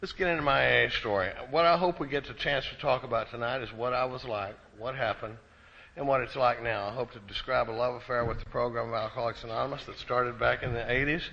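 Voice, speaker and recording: A man's voice: mid-range voice, fast talker, vocal fry, bright, forceful tone. A middle-aged man from Texas giving a personal recovery talk at a conference, a folksy storyteller with self-deprecating jokes. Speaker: recovery meeting speaker. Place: conference hall. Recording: muffled live talk recording.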